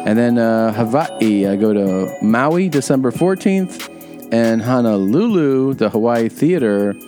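Soft music plays behind a mid-range, mellow male voice that is animated yet measured in pace. He co-hosts a podcast, joking loosely while rattling off tour dates and reading ads in a casual chat.

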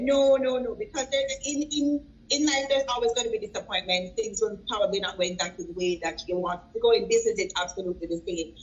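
Woman interview host, upbeat and encouraging, slightly high voice, slightly muffled audio. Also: a bit bright. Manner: enthusiastic and encouraging. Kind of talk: casual interview.

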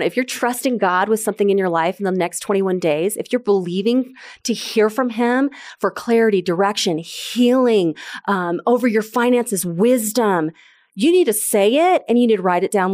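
A woman's voice: mid-range voice, normal speed, a little mellow, no room sound, studio quality. A woman preaching a sermon to her church, earnest and emphatic, repeating phrases for stress. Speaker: pastor.

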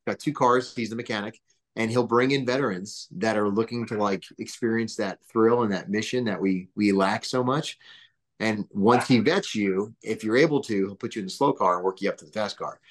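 A business founder in his thirties guests on a podcast, telling animated, rambling stories thick with fillers. He speaks briskly in a lowish voice during this casual storytelling interview.

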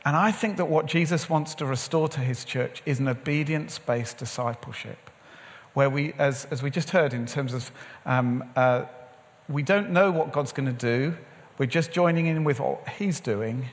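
A man's voice: mid-range voice, normal speed. A middle-aged man preaching a sermon, telling a personal story in a conversational way and acting out the dialogue. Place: large church or event hall. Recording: long hall reverb.

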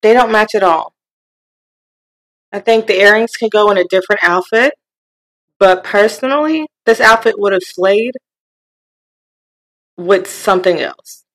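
A woman co-hosting a casual podcast, talking at an unhurried pace in a mid-range voice. She laughs often and lets her sentences trail off. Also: mid-range voice, poor audio. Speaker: podcast co-host. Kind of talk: casual pop-culture chat.

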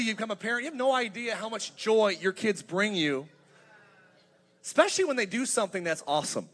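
A man in his thirties preaching a sermon as pastor, energetic and humorous, building to emphatic points. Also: high-pitched, fairly quick. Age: 30s.

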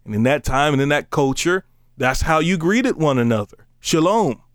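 A man delivers a sermon in an easy, conversational way, mixing playful asides with slow, weighty readings of scripture. His voice sits somewhat high for a man and stays animated. The sound is dry and close, with no room around it. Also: dry recording. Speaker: preacher. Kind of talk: casual sermon.

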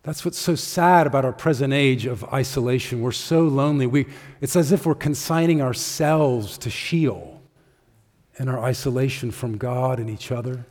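Earnest pastor preaching in a reverberant hall. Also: male voice, mid-range voice, darkish tone. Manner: earnest, conversational preaching with pauses and fillers. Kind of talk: sermon. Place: church sanctuary.

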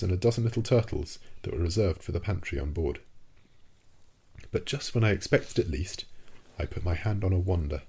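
Low, husky male audiobook narrator. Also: dark tone. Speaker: audiobook reader. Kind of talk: scripted first-person narration.

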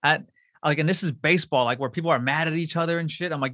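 A Southern Californian man hosts a loose, casual chat, swearing freely and talking in slang. He speaks fast, with a bright, forward voice. The sound is dry and close. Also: on the high side, no echo. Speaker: podcast host. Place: home.

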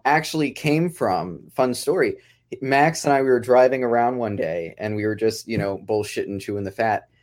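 Guy rambling about writing his podcast sitcom, keeps restarting sentences, mid pitch. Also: normal speed. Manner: rambling, self-interrupting, chuckles often. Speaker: podcast sitcom writer and director. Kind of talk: casual podcast chat.

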